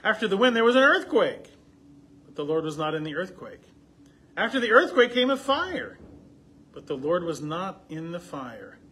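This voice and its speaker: A man's voice: high-pitched, big pitch swings, normal speed, bright, forceful tone. A man leading a Bible study, asking the group questions and reading passages aloud with rising emphasis. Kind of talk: conversational Bible teaching.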